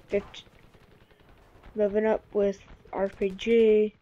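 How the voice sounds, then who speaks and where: A woman's voice: mid-range voice, measured pace. Grumbling woman gamer, muffled lo-fi recording. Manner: grumbling, excitable reactions to the game. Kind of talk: casual gameplay commentary. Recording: dull lo-fi recording.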